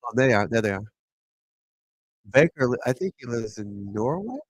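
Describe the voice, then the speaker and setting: A man hosting a casual golf livestream, talking loudly, swearing and rambling as he chats with viewers. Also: mid-range voice, big pitch swings, moderate pace, dry recording, poor audio. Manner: loud, swearing, rambling and frustrated. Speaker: golf pro livestream host. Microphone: desk mic at computer.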